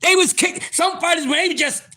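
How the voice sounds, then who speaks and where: A man in his fifties hosting a live stream, ranting loudly and profanely at his viewers in disbelief. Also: very high-pitched, fairly quick. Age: 50s. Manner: loud, profane, incredulous ranting. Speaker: livestream host.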